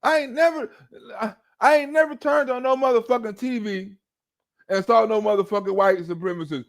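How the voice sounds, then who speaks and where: A man's voice: very high voice, normal speed. A man rants through a profane political monologue. He mocks his targets, keeps a streamer's loose delivery and stops to act out chants in a scornful tone. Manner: mocking, rants and acts out chants.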